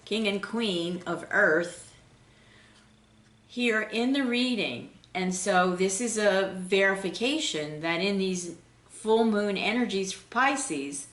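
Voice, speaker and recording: A woman giving an unscripted spiritual tarot reading in a gentle, flowing way, pausing with fillers and restarts. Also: mid-range voice, roomy sound. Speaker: intuitive tarot reader.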